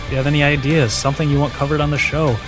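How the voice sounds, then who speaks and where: A man's voice: on the high side, level tone, rapid-fire, over music. Joking male podcast co-host. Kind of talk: casual chat.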